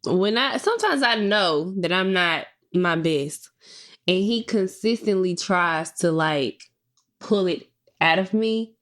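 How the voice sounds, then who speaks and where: Wry female podcast co-host, relaxed chat, lots of laughter, very lively intonation. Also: fairly low pitch, takes it slowly. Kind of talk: casual chat.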